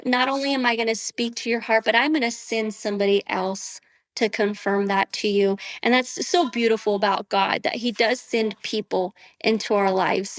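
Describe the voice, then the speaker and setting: Woman podcast guest, higher voice, earnest testimony, dry close sound. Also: no room sound. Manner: earnest and heartfelt, many "you know" fillers. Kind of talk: personal faith testimony.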